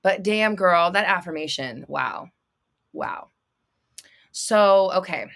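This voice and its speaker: A young woman hosting a casual livestream, reading viewer comments and coaching them in a blunt, excitable way, swearing freely and laughing often. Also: fairly low pitch, slow. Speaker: manifestation coach and livestream host.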